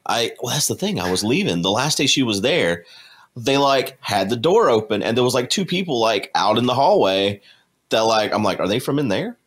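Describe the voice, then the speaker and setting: A man's voice: mid-range voice, big pitch swings, normal speed, a bit bright. A man chatting casually on a call, telling a long rambling story with dry, sarcastic jokes. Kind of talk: casual chat.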